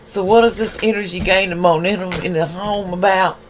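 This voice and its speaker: A man's voice: sits high, steady tone, a little fast, slight background noise. A man giving a casual tarot reading for viewers, talking in a streetwise way and firing off rhetorical questions. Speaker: tarot reader.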